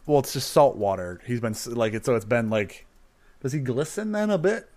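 California dude, mid voice, joking around, surfer slang. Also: male voice, medium pitch, lively intonation, brisk, darkish tone, dry recording. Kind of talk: casual chat.

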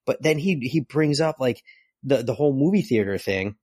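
A man in casual chat, excitedly recapping a comic book, swearing freely and acting out characters' lines. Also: mid-range voice, moderate pace, slightly rough, no echo, clean studio sound. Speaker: comic book podcast host.

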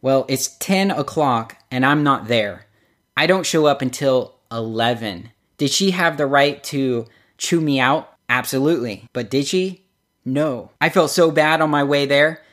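A man's voice: mid-range voice, measured pace. A man preaching a sermon, telling stories and acting out the quotes he gives. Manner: storytelling, acts out quotes with lively shifts. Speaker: pastor.

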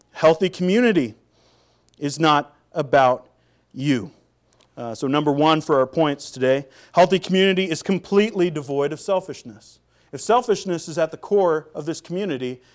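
A man preaching a sermon in a conversational way, with frequent fillers and restarts and quiet asides. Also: a little high. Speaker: pastor.

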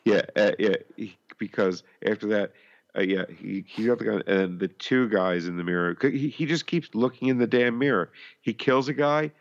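A man with a low voice talking movies on a podcast, stopping and restarting with lots of fillers. His sound is a bit muffled and lo-fi. He laughs along with his co-host. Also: normal speed. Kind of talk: casual movie-review chat.

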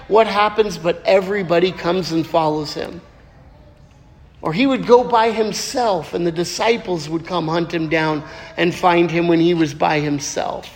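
A man's voice: high-pitched, long reverb tail. A man preaching a conversational sermon, telling stories and acting out the voices of the people in them. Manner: conversational, storytelling, acts out quoted voices. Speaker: pastor.

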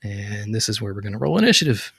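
A man narrating as game master of a tabletop game, relaxed and full of fillers. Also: fairly low pitch, quick pace, gravelly, husky, no room sound, studio quality. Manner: relaxed, hesitant, lots of fillers.

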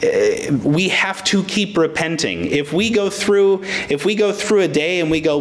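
A man's voice: on the high side, expressive, measured pace, hardly any pauses. A man preaching a sermon to a congregation, emphatic, asking rhetorical questions and restarting words as he searches for them. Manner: addresses congregation members by name. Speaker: pastor.

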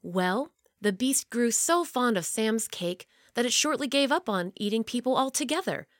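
A woman reading a children's story aloud, expressive and dropping low and quiet for the tense parts. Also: normal speed, no echo, clean studio sound.

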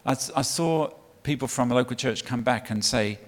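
Speaking at a moderate pace in a mid-range voice, this middle-aged man from England is a guest preacher representing a child sponsorship charity. He gives a chatty sermon talk to the congregation, stumbling through plenty of ums and restarts. The church hall adds a long, large-hall reverb.

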